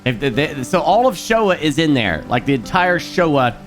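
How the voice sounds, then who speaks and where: A man streaming a video game, chatting casually in a rambling, animated way. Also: a little high, normal speed, faint music behind. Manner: rambling and animated, lots of fillers and restarts. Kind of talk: casual chat while playing a video game.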